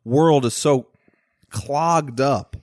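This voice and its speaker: Male podcast co-host, relaxed chatty delivery, mid-range voice, dry studio sound. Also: mid-range voice, drawn-out words, dry recording. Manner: relaxed film talk, acts out scenes he describes. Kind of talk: casual chat.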